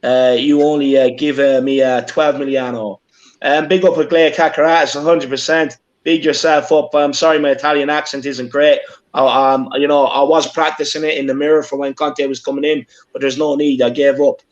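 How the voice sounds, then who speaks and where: A man with an Irish accent hosting a casual fan live stream, upbeat and shouting out viewers. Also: fairly high pitch, flat delivery, brisk. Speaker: stream host. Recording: dull lo-fi stream audio.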